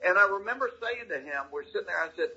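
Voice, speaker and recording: A man's voice: sits high, expressive, fast, vocal fry, pushed and bright, breathy edge. A middle-aged man with a thick Southern US accent, telling a story as an interview guest in a folksy, good-natured way. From Georgia, US South. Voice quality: thick drawl. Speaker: comedian guest. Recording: slightly dull lo-fi audio.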